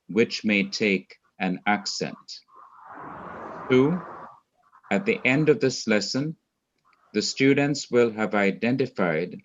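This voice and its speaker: A man with a Jamaican accent teaching a class, going through his points slowly and one by one. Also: fairly low pitch, highs cut off. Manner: slow, methodical, lists points one by one. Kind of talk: recorded class lecture.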